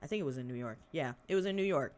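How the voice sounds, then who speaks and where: This podcast host talks rapid-fire in a mid-range voice with lively intonation, reading news passages and cutting in with mocking comments. The tone is casual and sarcastic, and the swearing is frequent.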